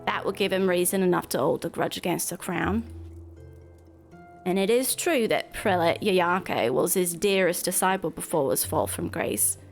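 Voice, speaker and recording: A woman's voice: on the low side, normal speed, creaky, soft background music. A woman voicing a smug, scheming male guildmaster in a game, with a put-on accent and a grand, formal delivery.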